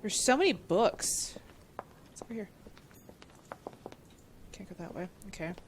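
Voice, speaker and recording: A woman streamer giving casual, excitable gameplay commentary and reading on-screen text aloud. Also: mid-range voice, unhurried, background noise.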